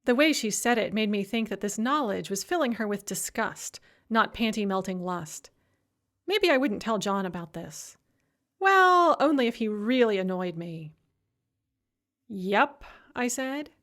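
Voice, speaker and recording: Brief: woman audiobook narrator, higher voice, animated, wry and hesitant in dialogue. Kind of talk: first-person audiobook narration.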